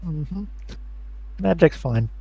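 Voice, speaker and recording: A man's voice: on the high side, expressive, takes it slowly, vocal fry, warm tone, husky. A man playing a tabletop role-playing game, talking in character with a laid-back, wry manner. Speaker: player.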